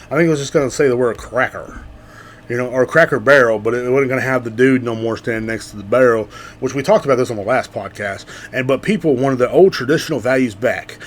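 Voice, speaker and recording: Slight background noise accompanies a fast-talking man with a mid-range voice. He's a podcast host from Central Texas, USA, rambling through a casual, heavily profane rant with a sarcastic edge.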